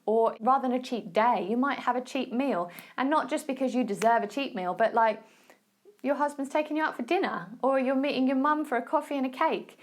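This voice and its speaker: A woman's voice: sits high, brisk. Chatty Essex woman giving diet tips. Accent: Essex English. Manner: chatty and encouraging, checks in with "okay?". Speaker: podcast host and nutrition coach. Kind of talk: casual solo podcast talk.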